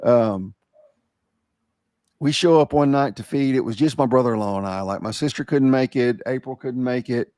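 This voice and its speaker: Dude hosting, laid back, says bro a lot, dry close mic. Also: male voice, medium pitch, normal speed, mellow, dry recording. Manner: casual, says "bro" and "dude", affirming interjections. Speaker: podcast host. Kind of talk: casual podcast chat.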